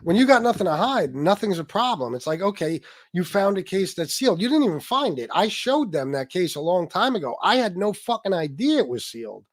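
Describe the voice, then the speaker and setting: Male streamer, angry profane rant, slightly high voice, dry recording. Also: big pitch swings, fairly quick, hardly any pauses, no echo. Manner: profane, aggressive, talks to chat. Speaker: livestream host. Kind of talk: heated livestream rant.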